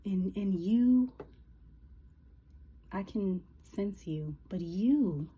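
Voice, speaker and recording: A woman giving a casual spiritual reading, rambling and emotional, with many halting fillers. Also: mid-range voice, animated, husky, highs cut off. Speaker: spiritual reader.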